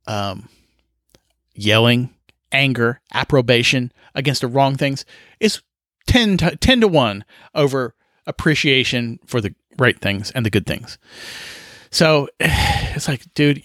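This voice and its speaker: A man's voice: mid-range voice, a bit bright, no echo, clean studio sound. A man in his fifties hosting a solo podcast, telling exasperated, profane stories with frequent laughs and sighs. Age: 50s. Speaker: podcast host. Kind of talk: casual solo podcast monologue.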